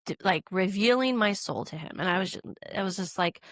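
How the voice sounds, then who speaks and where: A woman's voice: medium pitch, brisk, hardly any pauses, no room sound, studio quality. A young woman co-hosting a podcast, telling her story candidly and emotionally, with many fillers. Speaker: podcast co-host. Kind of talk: casual conversation.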